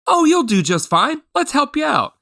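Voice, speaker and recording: A man voicing a kindly old male camper, gently coaching in a grandfatherly tone. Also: high voice, quick pace, clean tone, pitched above the performer's own voice.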